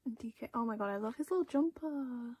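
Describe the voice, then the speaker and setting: A woman's voice: a little high, expressive, brisk, darkish tone, breathy edge. A young woman chatting casually through an album unboxing, gushing, with small gasps between items.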